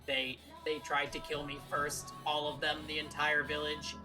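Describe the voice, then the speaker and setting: A woman's voice: low-pitched, level tone, slow, recorded from a distance. A woman voicing a haunted, violent man who calls himself a beast, in a tormented, desperate manner. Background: game music.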